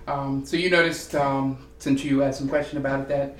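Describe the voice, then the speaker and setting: A man acting as game master for a tabletop role-playing game, describing scenes with many pauses and ums. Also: medium pitch, flat delivery. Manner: hesitant, many ums and restarts. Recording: roomy echo with faint noise.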